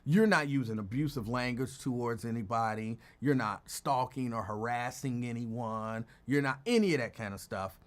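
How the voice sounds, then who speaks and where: A man's voice: mid-range voice, expressive, moderate pace, few pauses. A man hosting his own show, telling rambling stories in a casual chat and laughing often. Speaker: show host.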